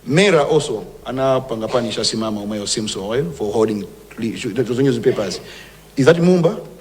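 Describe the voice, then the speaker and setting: Brisk and lowish in pitch, the minister's Malawian-accented voice fills a large hall, with a little hiss or hum in the recording. He speaks emphatically in public, issuing forceful warnings and switching between English and Chichewa.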